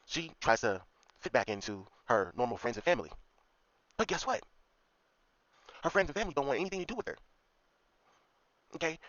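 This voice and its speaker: A man's voice: on the low side, a bit bright, no room sound. A man ranting through a commentary monologue, swearing freely and tagging his points with a repeated "okay?". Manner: profane, repetitive, keeps asking "okay?". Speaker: commentary vlogger. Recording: dull lo-fi dry recording.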